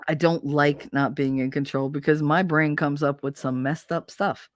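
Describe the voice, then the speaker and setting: A woman with a fairly low voice chats from her home streaming setup, rambling through animated stories. She swears freely and laughs often. The sound is close and dry. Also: moderate pace, no echo. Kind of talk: casual storytelling chat.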